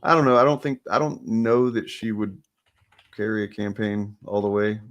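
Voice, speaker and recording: A man's voice: lowish voice, moderate pace, no room sound, highs cut off. A man chatting casually on a podcast, rambling and searching for words. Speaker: podcast co-host. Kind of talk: casual chat.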